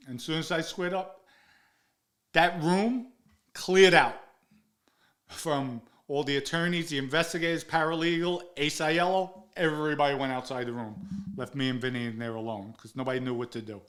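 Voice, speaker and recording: A man's voice: moderate pace, long pauses, fairly bright tone. Blunt man telling a heated story. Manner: vivid and blunt, swearing, reenacting heated exchanges; sinks into a low, subdued tone when recounting emotional moments. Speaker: interview guest recounting his past. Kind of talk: first-person storytelling.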